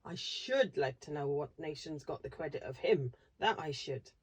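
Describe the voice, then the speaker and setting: A woman reading aloud, voicing a gruff, suspicious middle-aged station master in a storybook. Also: low-pitched, animated, normal speed, voice pushed down, full character voice. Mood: doubtful. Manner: blunt, doubtful.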